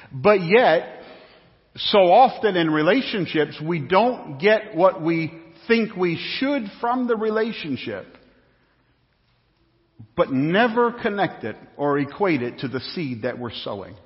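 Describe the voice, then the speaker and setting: A pastor preaches a sermon to his congregation in a conversational, repetitive, anecdotal way, telling stories in a sing-song voice on the high side at a measured pace. It was recorded in an echoey church sanctuary with dull sound.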